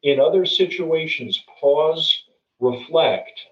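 A middle-aged man, a guest, tells a story and offers advice earnestly, with lively intonation at a medium pitch and an unhurried pace. He keeps restarting and repeating words, and the recording is dull, distant, and roomy.

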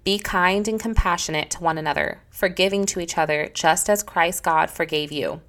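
An earnest woman in her thirties hosts a solo faith and parenting podcast. Her voice sits a little low for a woman. She speaks heartfelt and sincere, often slipping into the lines of her children and herself. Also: normal speed, fairly bright tone. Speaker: podcast host.

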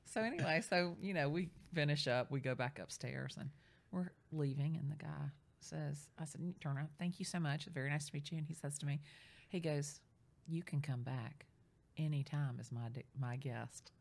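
A middle-aged woman in casual chat, telling a story with lively, acted-out quotes. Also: low voice, normal speed, vocal fry. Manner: animated storyteller, acts out quoted voices. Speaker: real estate agent.

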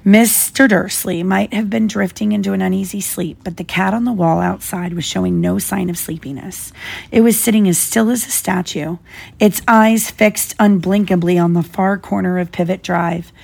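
A woman's voice: mid-range voice, steady tone, moderate pace, creaky, darkish tone. A mother reading a children's novel aloud to her child, stopping now and then to explain things. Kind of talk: storybook read-aloud.

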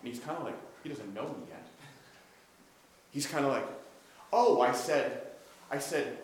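A man's voice: medium pitch, expressive, unhurried, pauses often. Man preaching in an echoey room. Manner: storytelling, acts out dialogue, asks the audience questions. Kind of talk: conversational sermon. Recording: echoey room with faint background noise.

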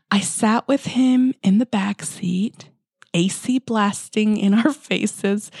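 A woman hosting a personal faith podcast, sharing a story in a soft, heartfelt way, often dropping close to a whisper. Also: medium pitch, creaky, no room sound. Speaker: podcast host.

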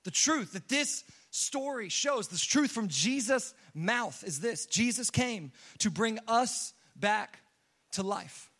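A young man preaching a sermon, telling a story with lively acted-out quotes and casual fillers. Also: sits high, slow pace. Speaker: pastor.

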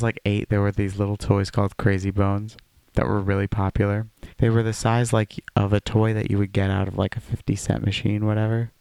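A man's voice: fairly low pitch, gravelly, a little mellow, no room sound. A man co-hosting a podcast, chatting casually with rambling, jokey wordplay. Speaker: podcast co-host. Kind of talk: casual chat.

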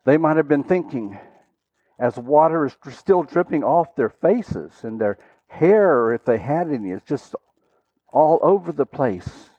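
A man preaching a sermon, telling a story dramatically and swinging from loud, urgent lines to hushed, quiet ones. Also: a little high, expressive, unhurried, no room sound, lo-fi sound.

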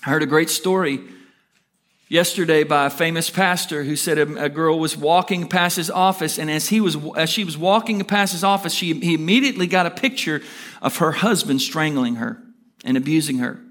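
Energetic rushing male pastor preaching. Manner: energetic, rushing storyteller with rising emphatic pitch. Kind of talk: sermon.

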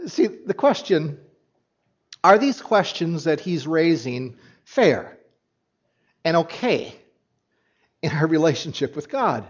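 High-voiced man preaching a lively sermon. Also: takes it slowly, pauses often, breathy edge, highs cut off. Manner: animated, lively preaching with frequent restarts. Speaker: pastor.

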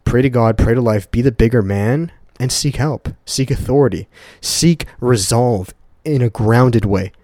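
A man's voice: medium pitch, a little slow, mellow, no room sound, clean studio sound. A young man hosting a casual motivational podcast on his own. He talks to his listeners in an earnest, profane way and repeats words for emphasis. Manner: speaks straight to listeners as "guys". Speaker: podcast host. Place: at home in a condo.

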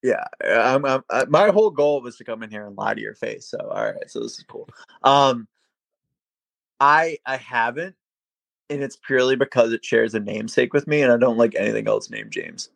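A young man from Massachusetts chats casually on a podcast, laughing and cursing as he tells a story. His voice has a gravelly, creaky edge, and the sound is dry and close. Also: mid-range voice, moderate pace, a bit bright, dry recording. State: day drinking. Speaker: podcast co-host. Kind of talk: casual chat.

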